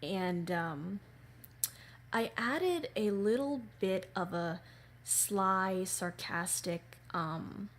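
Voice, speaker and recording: A woman voice actor recording a casual audition message, polite and hesitant with many pauses and fillers. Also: mid-range voice.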